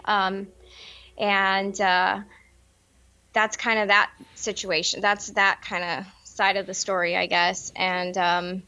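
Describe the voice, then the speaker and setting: A woman in her thirties speaking candidly in an interview, halting often with fillers and restarts. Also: mid-range voice, flat delivery, bright, forceful tone, muffled recording. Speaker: interview guest. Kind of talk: personal interview.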